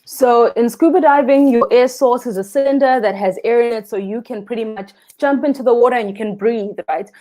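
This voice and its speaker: A woman's voice: a little high, fairly quick, few pauses, dark tone. A South African woman, a guest freediving instructor, telling a story animatedly, acting out quotes and laughing often. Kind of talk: casual interview storytelling.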